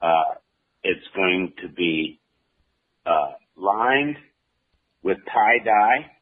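A man co-hosting a radio show, telling stories in a slow, drawn-out way with many fillers. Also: deep voice, lively intonation. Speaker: radio co-host. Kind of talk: casual radio chat. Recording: tinny phone-like radio line.

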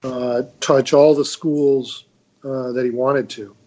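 An older man, a retired officer on a radio panel, talking in a measured, hesitant way with many fillers. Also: medium pitch, flat delivery, a little mellow, dull audio. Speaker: retired Marine colonel, panelist. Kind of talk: casual panel discussion.

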